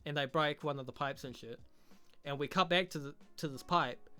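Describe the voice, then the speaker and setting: A man's voice: on the high side, moderate pace, pushed and bright, clear, resonant tone, faint music behind. A man reviewing a show in a casual vlog, crude, profane and mocking.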